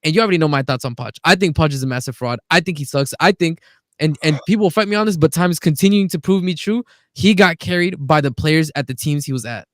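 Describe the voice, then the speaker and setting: A man's voice: fairly high pitch, fast talker, no room sound, clean studio sound. A man co-hosting a casual football chat on a video call, blunt and opinionated. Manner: blunt, opinionated, says "bro" a lot. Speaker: podcast co-host.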